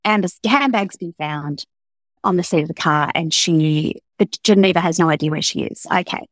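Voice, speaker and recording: A woman's voice: on the low side, normal speed, no room sound. Woman author chatting about her writing, thoughtful, restarts a lot, dry close mic. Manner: thoughtful, with frequent restarts and fillers. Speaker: novelist guest. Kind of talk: casual interview chat.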